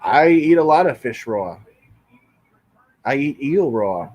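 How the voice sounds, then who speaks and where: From his bedroom, a man livestreams and reads comments, casually bickering with chat and swearing often. His mid-range voice is slow, with big pitch swings and a darkish tone.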